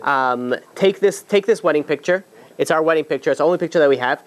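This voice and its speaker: A man's voice: fairly high pitch, fast, natural voice. A man voicing a young husband who earnestly begs his wife to leave for safety, within a spoken story. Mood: tender. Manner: earnest, begging.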